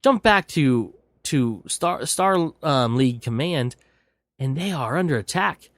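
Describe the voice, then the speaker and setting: A man's voice: mid-range voice, expressive, a little slow, fairly bright tone, no room sound, studio quality. A male podcast host giving a rambling, profane, casual movie recap full of digressions.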